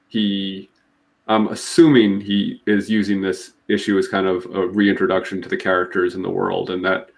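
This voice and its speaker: A low-voiced man with a gravelly edge co-hosts a casual comic book podcast. He is from Massachusetts and talks in halting bursts, restarting his sentences often. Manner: halting, many restarts and fillers. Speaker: podcast co-host. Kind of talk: casual chat.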